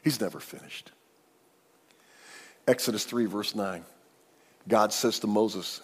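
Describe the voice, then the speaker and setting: A pastor preaching a sermon, retelling the story in an animated way that swings from hushed to emphatic. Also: male voice, lowish voice, slow pace, pauses often, husky, in a large hall.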